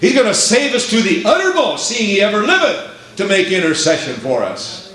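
A man's voice: high-pitched, very animated, moderate pace, a bit bright. A man preaching a sermon emphatically, acting out the voices in scripture. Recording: echoey room.

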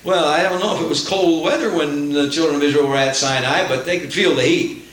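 A man's voice: a little high, brisk, a bit bright, very echoey, low-quality recording. A man preaching a sermon with fervent, rising emphasis.

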